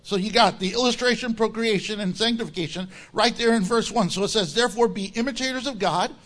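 A man preaching a sermon as pastor, animated and joking, often laughing as he teaches. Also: high-pitched, fast.

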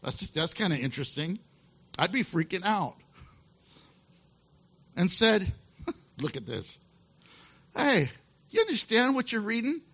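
A male pastor preaching a sermon, telling a Bible story with animated asides and laughter. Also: high voice. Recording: dull lo-fi sound.

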